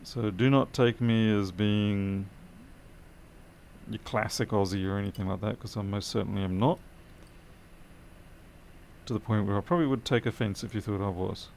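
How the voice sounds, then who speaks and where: A man's voice: fairly low pitch, normal speed, creaky, pauses often, a little mellow, a little hiss or hum. A tired man streaming a late-night electronics repair, muttering as he works and answering live chat with dry, self-deprecating remarks.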